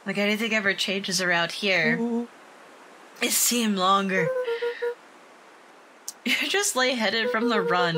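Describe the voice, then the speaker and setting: A woman streaming a game, reading its dialogue aloud in a lively, playful way, over loud game music. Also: a little high, a little hiss or hum.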